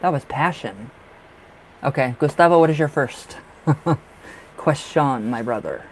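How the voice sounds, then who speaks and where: Man, tarot reader, live stream host, chatty, expressive, laughs a lot, mid pitch, faint background noise. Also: slow pace, poor audio. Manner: chatty and expressive, laughs often, talks straight to viewers. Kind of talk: casual live-stream chat with viewers.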